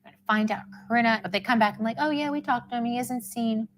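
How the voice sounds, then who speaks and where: A woman's voice: fairly high pitch, quick pace, low-quality recording. Woman, grieving parent in an interview, plain-spoken, quotes dialogue, slight hiss under the voice. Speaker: mother of a missing daughter, interviewee. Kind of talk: emotional recounting in an interview.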